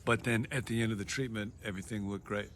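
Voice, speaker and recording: A man in his sixties hosts an intimate conversation, prompting and reflecting. His voice is low yet bright and forward. Faint background noise runs beneath. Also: fairly even intonation, fast talker. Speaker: host. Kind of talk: conversational interview.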